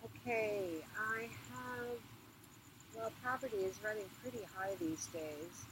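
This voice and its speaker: A woman's voice: mid-range voice, slow pace, noisy background, lightly acted. A woman voicing an imperious underworld queen in labor who groans and then bargains offhandedly. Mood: bargaining.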